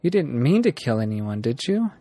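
A man reading a story aloud, voicing a young woman who is shaken but steady and consoling. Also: medium pitch, moderate pace, no echo.

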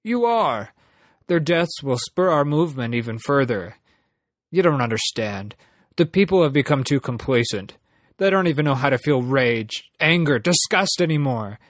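A man's voice: mid-range voice, animated, normal speed, no room sound, close to an everyday voice. Guy reading as a condescending zealot villain, mocking, plain dry voice. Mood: smug. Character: smug, fanatical male revolutionary villain.

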